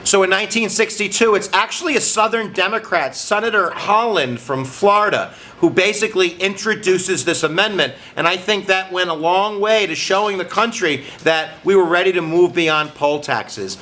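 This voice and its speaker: A man's voice: sits high, normal speed, few pauses, bright, forceful tone. A man hosting a history lesson channel, talking to viewers in an upbeat, jokey, casual way. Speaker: history teacher host.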